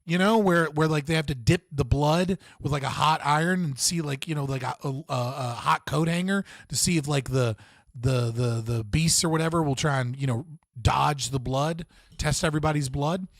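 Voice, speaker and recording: A man's voice: a little high, moderate pace, dry recording, studio quality. Profane, rambling young man streaming live. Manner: rambling, profane, laughs often, restarts a lot. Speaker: livestream host. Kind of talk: casual livestream chat.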